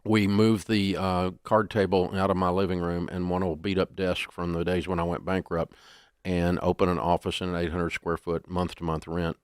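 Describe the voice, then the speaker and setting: A middle-aged man, telling stories in a folksy, animated way as an interview guest. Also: low voice, normal speed, clear, resonant tone, no room sound, clean studio sound. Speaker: guest, business founder. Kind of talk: storytelling interview.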